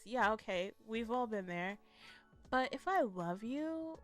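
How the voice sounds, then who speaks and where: Woman vlogger going off, swears a lot, animated, laughs a bunch, medium pitch. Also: measured pace, soft background music. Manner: blunt, profane, animated, laughs often. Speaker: vlogger reviewing a documentary. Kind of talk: casual ranting commentary.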